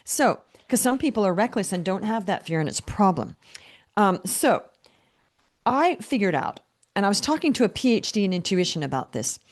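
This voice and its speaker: A woman of 50 or older, working as a business coach, rambles through stories during an interview, restarting many times and quoting her own self-talk. Her mid-range voice swings widely in pitch at a normal speed.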